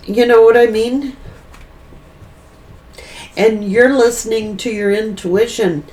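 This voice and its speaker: A woman's voice: a little high, steady tone, takes it slowly, pauses often, a little mellow, distant mic. A woman giving a tarot reading, rambling and repeating herself as she thinks aloud. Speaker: tarot reader.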